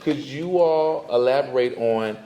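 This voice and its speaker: A man's voice: medium pitch, measured pace, echoey room, slight background noise. A man working as master of ceremonies, energetically hyping the crowd and putting questions to a panel of authors. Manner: upbeat, energetic emcee.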